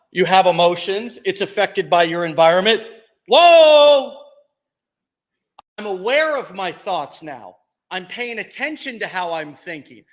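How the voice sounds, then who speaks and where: At an event venue, a man with a slightly high voice gives an energetic, joking motivational talk to a live audience. He jumps between loud bursts and hushed asides.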